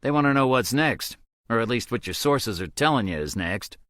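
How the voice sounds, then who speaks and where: A man's voice: mid-range voice, lively intonation, moderate pace, fairly bright tone, no room sound, clean studio sound, voice pushed up, close to an everyday voice. A man voicing a sarcastic middle-aged male CIA agent, breezy and joking in an audiobook. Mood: wry, teasing.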